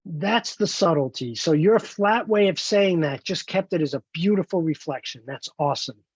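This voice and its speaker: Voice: medium pitch, expressive, normal speed, husky, no echo. A trainer leading an online training webinar, encouraging and explaining step by step over a video call.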